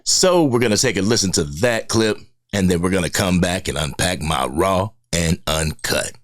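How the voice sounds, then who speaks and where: A man with a very low, deep voice hosts his own football fan video. He talks bluntly in a casual, slangy way and gets animated when he makes a point. The sound is close and dry. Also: moderate pace, no echo. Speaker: sports video host.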